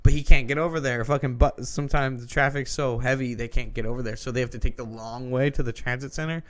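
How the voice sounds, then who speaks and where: A man's voice: medium pitch, fairly even intonation, fast. A man co-hosting a podcast who tells a long story in a casual, rambling way, swearing often and restarting his sentences. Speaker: podcast co-host.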